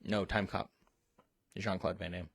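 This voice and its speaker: Co-host, male, low voice, rambling and swears a lot, dry close recording. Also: unhurried, creaky, slightly rough, no room sound. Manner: profane, excitable, rambling. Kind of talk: casual chat.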